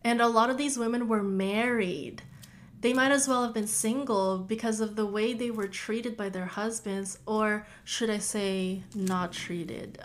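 A woman's voice: medium pitch, steady tone, unhurried. A woman hosting a podcast, talking casually to her listeners with lots of "like" fillers and calling them bestie. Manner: chatty, frequent "like" fillers, addresses listener as bestie. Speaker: podcast host.

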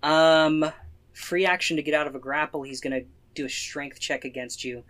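Casual game master, man, slightly high voice, easygoing narration. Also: fairly even intonation, moderate pace, a bit bright. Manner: casual, laid-back with swearing.

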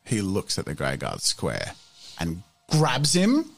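A man narrating a tabletop game as game master, acting out characters with sudden shouts. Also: low voice, huge pitch swings, takes it slowly, creaky, faint music behind.

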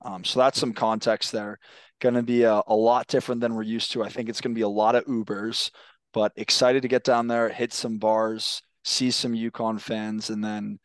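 A man's voice: on the low side, level tone, normal speed, clean tone, no room sound. A young man hosting a casual sports podcast, talking loosely, often repeating his words as he goes. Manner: laid-back, swears casually. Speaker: podcast host.

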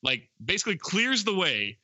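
A man co-hosting a podcast talks through a film's plot in a loose, rambling way, full of fillers and restarts. His voice is very bright and forward. The sound is dry and close, with no room in it. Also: high-pitched, big pitch swings, normal speed, no echo, highs cut off. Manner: rambling scene-by-scene retelling with many fillers. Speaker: podcast co-host. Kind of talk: casual movie recap chat.

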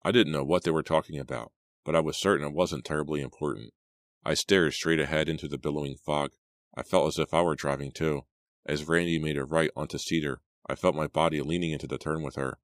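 A man with an exceptionally deep voice narrates a teen horror audiobook at a steady, measured pace. The recording is close and bone dry, with no room around it. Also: dry recording.

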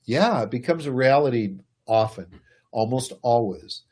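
Animated man explaining with chuckles. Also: mid-range voice, moderate pace, slightly rough. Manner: animated, chuckles, addresses listener directly. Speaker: speaker explaining personality types. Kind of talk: casual explanatory talk.

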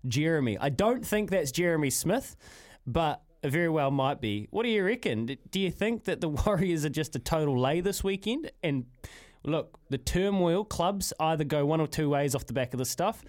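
A man with a New Zealand accent hosts a morning sports radio show. His voice sits slightly high and he keeps things upbeat, laughing easily and rattling through phone numbers and sponsor reads. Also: lively intonation, moderate pace, a little mellow. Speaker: radio host.

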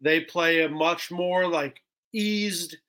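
A man in his twenties, a guest musician in a casual podcast chat, talking excitably and filling his speech with "bro" and "like". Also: fairly high pitch, slow. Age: 20s.

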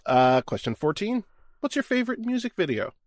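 A man's voice: high voice, big pitch swings, fairly quick, no echo. A man hosting a casual interview, reading out numbered questions and reacting briefly. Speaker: podcast host asking questions.

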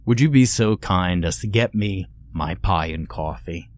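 A man voicing a sinister, overly polite male stranger who speaks softly with quiet menace, in a horror story reading. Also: sits low, a little slow. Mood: mock courteous. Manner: soft, courteous, quietly menacing.

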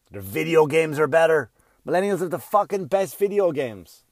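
Stand-up comic, middle-aged man, profane and ranty, slightly high voice, dry close sound. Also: expressive, normal speed, a little mellow, dry recording. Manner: profane, ranting, acts out voices. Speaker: stand-up comedian. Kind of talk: stand-up comedy set.

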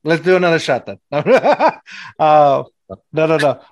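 A man hosting a casual interview, asking relaxed questions with a joking manner. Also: fairly high pitch, a little slow, no room sound. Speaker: interview host.

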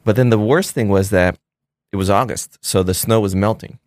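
A man's voice: fairly low pitch, normal speed, darkish tone, no echo, studio quality. A middle-aged man, a filmmaker guest, telling stories in casual chat, rambling with many fillers and restarts.

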